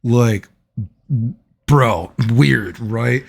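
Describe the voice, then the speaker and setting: Man, vlogger, casual rambling storytelling, lots of fillers, mid pitch. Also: extremely slow, vocal fry. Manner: rambling, filler-heavy, frequent laughs.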